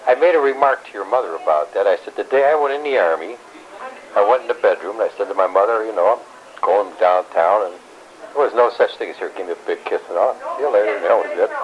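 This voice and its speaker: An older man, a grandfather, telling his life story in a rambling, blunt way with some salty language, recorded at home. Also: fairly low pitch. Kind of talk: casual family storytelling. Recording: dull home recording with faint hiss.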